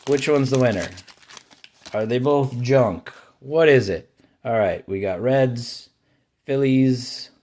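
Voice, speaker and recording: This man calmly works through trading card packs, listing every card and sharing understated opinions in a relaxed commentary for his card-collecting channel. Pulls from his favorite team make him sound brighter and higher.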